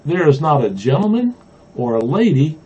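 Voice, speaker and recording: A man from Mississippi, a pastor, reading a children's storybook aloud with gentle humor, in a dull lo-fi recording. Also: fairly high pitch, very animated, normal speed, slightly rough. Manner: gently humorous, chuckling at the jokes.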